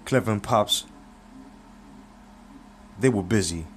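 A man's voice: fairly low pitch, takes it slowly, a little hiss or hum. A man narrating a story in a loose, profane, casual storytelling manner.

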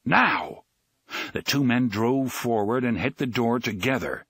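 A man reading a novel aloud as an audiobook narrator, in an expressive, dramatic way. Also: medium pitch, normal speed, breathy edge, no room sound.

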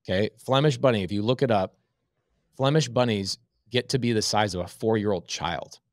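Man, 30s, lower voice, dry close sound; animated storyteller who acts out the dialogue. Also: normal speed, no echo. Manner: lively anecdotal, acts out quoted dialogue. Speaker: real estate investor guest. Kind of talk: animated storytelling in a podcast interview.

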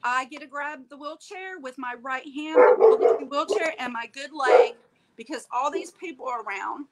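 Woman, slightly high voice, emotional storyteller on a chat show who acts out the quotes. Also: moderate pace, very noisy. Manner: animated, acts out quoted dialogue, tags lines with "okay?". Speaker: guest telling her story.

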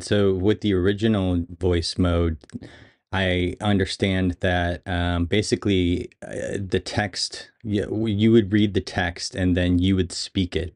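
A man with a very deep voice chats casually while making a video. He hesitates often, with fillers and restarts as he directs and questions. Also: a little mellow. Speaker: video creator. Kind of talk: casual demo chat.

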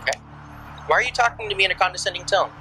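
A male police officer talks a driver through a roadside sobriety test at night. He speaks quickly and repeats his instructions patiently. The recording is noisy, with roadside sound clearly audible. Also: high-pitched.

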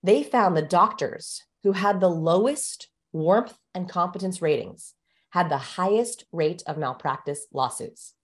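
Lower-voiced woman explaining as guest. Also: lively intonation. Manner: brisk, explanatory, emphatic. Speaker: guest expert. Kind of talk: interview explanation.

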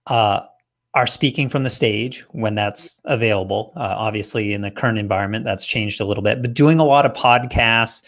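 Relaxed male interview host. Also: fairly low pitch, normal speed. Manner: relaxed, conversational, with hesitations. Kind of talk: live-streamed interview.

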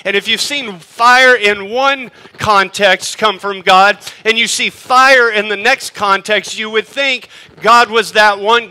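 A male pastor preaching a sermon, emphatic, swinging between loud declarations and hushed asides. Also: high voice.

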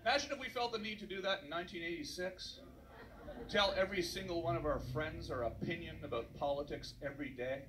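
A man performing a stand-up comedy set, ranting in mock anger and shouting his punchlines. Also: fairly high pitch, fast, background noise. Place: live comedy venue.

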